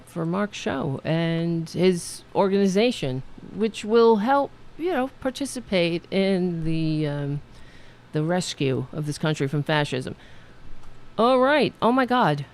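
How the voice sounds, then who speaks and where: A woman's voice: deep voice, smooth. A woman hosting a political live stream, chatting casually, reading out supporter messages with frequent laughs and restarts. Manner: chatty, animated, laughs often, trails off and restarts. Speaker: political show host.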